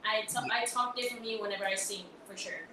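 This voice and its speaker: A woman's voice: mid-range voice, fairly even intonation, fast, pushed and bright, echoey room, slight background noise, rough recording. A young woman, a singer being interviewed on the radio, talking casually and rambling with many fillers and restarts. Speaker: guest singer-songwriter.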